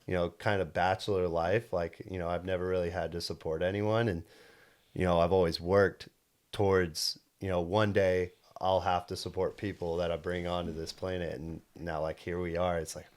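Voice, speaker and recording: A man's voice: low-pitched, little pitch movement, normal speed. A young man in his twenties, a podcast co-host, telling a personal story in casual chat, earnest and rambling with many restarts. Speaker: podcast co-host and solar salesman.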